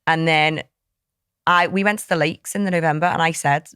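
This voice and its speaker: A woman speaks at normal speed in a low, clear, resonant voice with a fairly bright tone and fairly even intonation. She's a podcast guest sharing a difficult personal story in an interview, heartfelt and tumbling, packed with quoted dialogue. The studio-quality recording has no echo.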